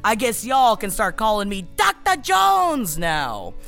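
A woman's voice: mid-range voice, wildly swooping pitch, a little slow, creaky, fairly bright tone, faint music behind. A woman co-hosting a podcast, chatting and reading an ad in a brash, comic, self-deprecating way. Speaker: podcast co-host. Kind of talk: casual chat and host-read ad.

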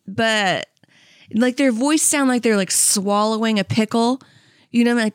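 A woman's voice: fairly high pitch, unhurried, no room sound, clean studio sound. A woman in her thirties, co-hosting a comedy podcast, rambling through anecdotes with lots of fillers, tangents and laughter. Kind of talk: casual rambling chat. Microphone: close studio mic.

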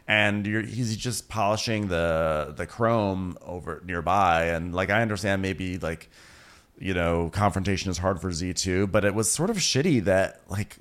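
A man's voice: deep voice, a little slow, a bit bright. A man co-hosting a casual, chatty conversation about a show. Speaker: podcast co-host. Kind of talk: casual chat.

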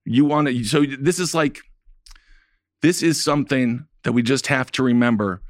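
A man's voice: mid-range voice, moderate pace, no room sound, studio quality. A man co-hosting a political talk show, talking casually with sarcastic, rambling jokes. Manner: sarcastic, rambling, jokey asides.

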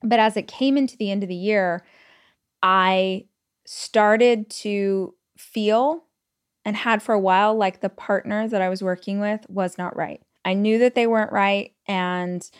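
A woman talks through her own stories on a solo podcast. She is chatty and animated, with her voice at a middling pitch. She scatters "like" through her sentences and acts out what she thought at the time. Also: a little slow, smooth. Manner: chatty and animated, with frequent "like" fillers; retells stories with quoted inner speech. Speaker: podcast host. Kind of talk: casual solo podcast storytelling.

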